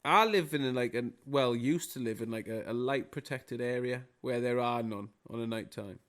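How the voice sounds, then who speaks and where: A man's voice: medium pitch, normal speed. A man, co-hosting a podcast with teasing, sweary banter. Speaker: podcast co-host. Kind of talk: casual chat.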